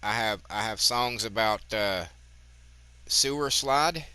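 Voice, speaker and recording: A man's voice: fairly low pitch, slow pace, pushed and bright, smooth. A man with a twangy Southern drawl, casually rambling and swearing as a gaming channel host. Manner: rambling, candid, swears freely. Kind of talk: casual gameplay commentary.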